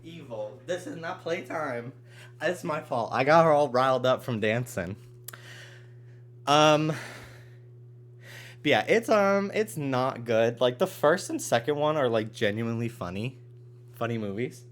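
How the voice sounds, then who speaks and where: A man's voice: mid-range voice, expressive, unhurried, long pauses. A man hosting a live stream from his apartment, chatting casually and rambling with lots of fillers. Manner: rambling, filler-heavy, greets viewers by name. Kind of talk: casual chat with viewers. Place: home apartment.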